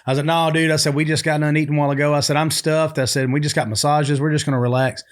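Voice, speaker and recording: A man from Tennessee co-hosting a podcast, telling stories in casual chat and acting out what people said. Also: fairly high pitch. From Tennessee, United States. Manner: fast, lively storyteller who acts out quotes. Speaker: podcast co-host.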